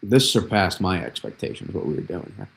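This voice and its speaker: A man's voice: low-pitched, very animated, a little fast, vocal fry. A young man from New England hosting a live weather stream, rambling through the forecast, repeating himself and answering chat questions as he goes. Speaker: weather livestream host. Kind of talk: casual livestream weather analysis.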